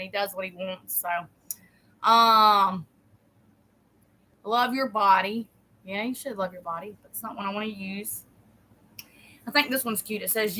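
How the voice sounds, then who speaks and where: A woman's voice: on the high side, pushed and bright. A middle-aged woman, chatting casually and rambling as she decorates a planner for her vlog. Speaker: vlogger.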